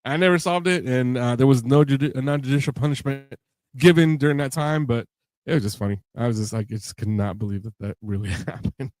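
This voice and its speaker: A man's voice: mid-range voice, steady tone, brisk, darkish tone, no room sound. A man hosting a podcast, telling a long story with many fillers and acting out what others said. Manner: rambling, many fillers, laughs and acts out quotes. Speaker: podcast host. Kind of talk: casual storytelling interview.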